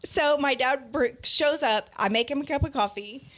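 A woman's voice: high voice, moderate pace. A young adult woman co-hosting a podcast, telling a long story in casual chat and quoting others as she goes. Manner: animated storyteller, quotes her dad. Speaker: podcast co-host.

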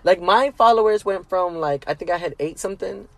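A man's voice: high-pitched, fairly quick, gravelly. A man co-hosting a podcast, chatting casually in a teasing, talkative way. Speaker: podcast co-host.

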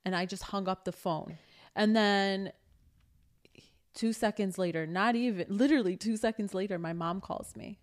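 A woman's voice: medium pitch, moderate pace. A woman co-hosting a podcast, telling a personal story in casual chat and acting out the people she quotes. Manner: storytelling, quoting others in animated voices. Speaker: podcast co-host.

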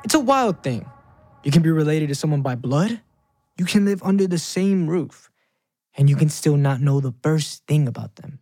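A man's voice: fairly high pitch, lively intonation, normal speed, dark tone, lightly acted. A man playing a hesitant, thoughtful teenage boy. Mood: reflective. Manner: hesitant, reflective, wry. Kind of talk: scripted audio drama.

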